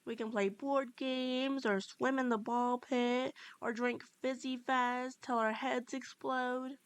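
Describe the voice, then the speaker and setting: A woman voicing a cheerful, childlike male animatronic sun who talks in a bubbly, excited, sing-song way in a fan audio story. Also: high voice, moderate pace, pitched above the performer's own voice, heavily acted.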